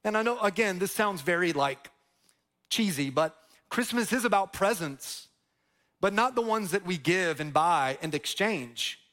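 A man's voice: sits high, expressive, measured pace, sharp tone. A male pastor preaching a sermon, impassioned and repetitive, leading the congregation in call-and-response.

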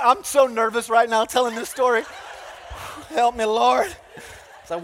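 A man's voice: high voice, normal speed, pauses often, a little hiss or hum. A man pastor preaching a sermon in a large church, telling a self-mocking story and calling out to the congregation. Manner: animated, self-mocking storytelling with crowd call-outs. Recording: reverberant church hall.

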